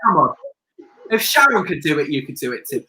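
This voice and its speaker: A young woman hosting a live makeup tutorial, bubbly and excitable, chanting catchphrases to her viewers. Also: deep voice, quick pace. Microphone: webcam on a livestream.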